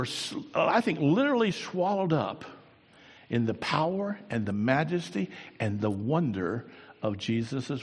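A man preaching a sermon, swinging between quiet, drawn-out lines and loud, raised bursts. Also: medium pitch, slightly rough. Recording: long hall reverb.

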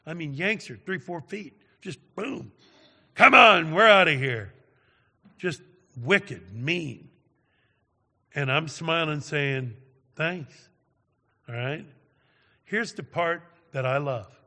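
A man's voice: a little high, animated, takes it slowly, bright, forceful tone. A man preaching, telling a story dramatically and often checking in with "all right?". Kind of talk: sermon storytelling. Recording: long reverb of a large hall.

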